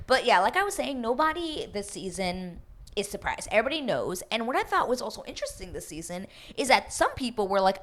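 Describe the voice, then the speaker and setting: A woman's voice: on the high side, big pitch swings, a little fast, a bit bright. A woman recapping a reality show in a casual chat, gossipy, with lots of asides and tag questions. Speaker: recap vlogger.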